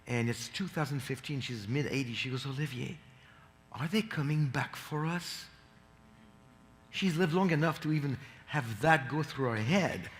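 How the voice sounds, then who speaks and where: A man's voice: mid-range voice, fairly bright tone, a little hiss or hum. Earnest man speaking in a reverberant hall. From France. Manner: earnest, halting with frequent fillers and restarts. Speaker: conference speaker. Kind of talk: personal story in a conference talk.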